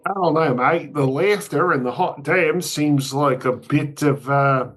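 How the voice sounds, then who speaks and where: A man's voice: fairly high pitch, a little slow, fairly bright tone, soft background music. A man playing in a tabletop game, speaking in a hesitant, musing way. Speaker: player. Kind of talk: casual play talk.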